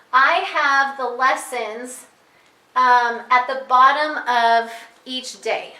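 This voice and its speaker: Bright-voiced woman teaching parents, echoey room. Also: high-pitched, distant mic. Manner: patient, repeats key points, stretches out sounds to demonstrate. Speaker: reading teacher. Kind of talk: instructional talk to parents.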